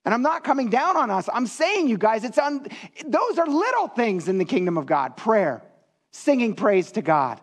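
High-voiced earnest male pastor. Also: very animated, normal speed. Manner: earnest, conversational preaching. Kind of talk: sermon.

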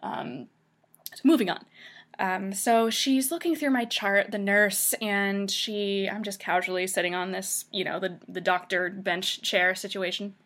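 A woman's voice: mid-range voice, fairly even intonation, a little slow, fairly bright tone. A young woman hosting a podcast, telling a personal story in a casual, chatty way with frequent ums and restarts. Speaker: podcast host.

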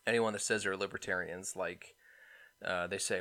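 Young man, podcast co-host, excitable ranting, bright tone. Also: low voice, moderate pace, vocal fry. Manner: ranting, excitable, mocking voices. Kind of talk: casual political banter.

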